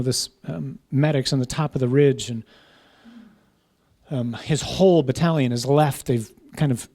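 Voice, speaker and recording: A man's voice: medium pitch, warm tone. A man, a parish priest, teaching a class in an informal conversational way, often checking in with "right?" and "huh?".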